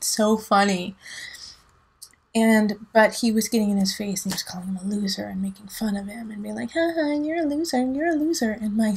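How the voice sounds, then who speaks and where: Gravelly, husky woman chatting a tarot reading. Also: medium pitch. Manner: chatty, rambling, laughs often. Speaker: tarot reader; dance teacher and mother. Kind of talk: casual tarot reading chat.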